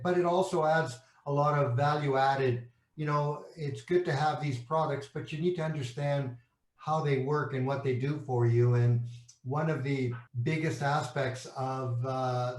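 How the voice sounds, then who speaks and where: A Canadian company executive with a slightly high voice explains his products in an interview, leaning on rhetorical questions and everyday analogies and often restarting his sentences. The sound is reverberant.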